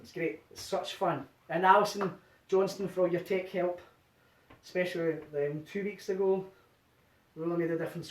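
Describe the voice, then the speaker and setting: Male line dance instructor, rhythmic count-calling, slightly winded, distant camera mic in a roomy home. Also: high-pitched. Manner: counts steps aloud in a rhythmic chant. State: a bit out of breath. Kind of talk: teaching a dance workshop from home. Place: living room at home.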